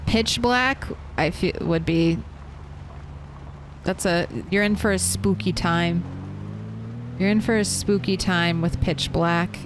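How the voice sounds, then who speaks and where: A woman's voice: fairly low pitch, slow, long pauses, noisy background. A woman streaming a survival game, chatting casually and answering her chat as she plays. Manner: chatty, reads and answers chat while playing.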